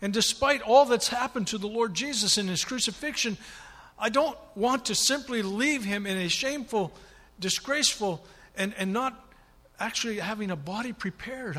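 A man's voice: high-pitched, lively intonation, normal speed, sharp tone, voice pushed up, heavily acted. A man voicing a grieving woman disciple. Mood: grieving, pleading. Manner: pleading, breaking into whispers. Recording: long hall reverb.

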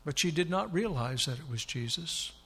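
A male preacher with a fairly high, husky voice retells scripture with dramatic emphasis. His sermon rings out with a long reverb, as in a large hall. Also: lively intonation, moderate pace, fairly bright tone.

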